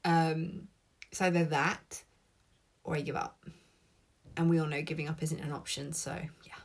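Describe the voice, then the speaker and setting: A woman talks casually to viewers on a live stream from her laptop, chatty and swearing freely. Her voice sits a little low, loose and conversational as she reacts to comments. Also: level tone, moderate pace, slightly rough. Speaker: host of live tapping session.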